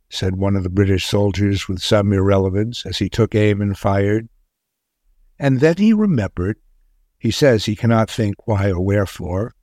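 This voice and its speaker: A man's voice: lowish voice, darkish tone, no echo. Solemn male storyteller, dry recording. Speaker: narrator. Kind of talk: scripted story narration.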